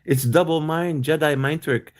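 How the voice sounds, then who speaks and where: A man's voice: on the high side, normal speed. A man co-hosting a casual commentary, joking around and needling his co-host.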